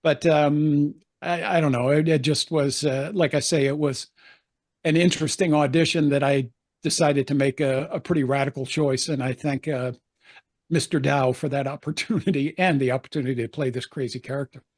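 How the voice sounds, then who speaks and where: A man's voice: fairly high pitch, fairly even intonation, moderate pace. Older man telling chatty showbiz stories. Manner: chatty, laughing, acts out the voices he quotes. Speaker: actor guest. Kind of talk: anecdotal interview storytelling.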